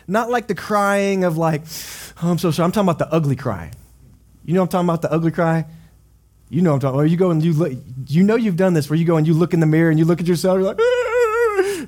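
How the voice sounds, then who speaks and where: Animated pastor preaching. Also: male voice, a little high. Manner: conversational, animated storytelling with dramatic quotes. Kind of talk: sermon. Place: church service.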